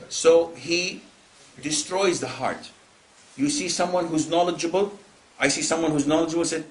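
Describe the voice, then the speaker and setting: A male Islamic preacher giving a lecture, telling stories with lively acted-out voices and frequent laughter. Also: fairly high pitch, moderate pace, a little hiss or hum. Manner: animated storytelling, mimics callers in raised voices.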